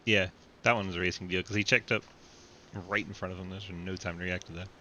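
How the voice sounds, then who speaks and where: A man's voice: deep voice, fairly even intonation, fast, bright, forceful tone, slight background noise. A man calling a sim racing event as commentator, casual and joking, laughing often. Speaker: race commentator.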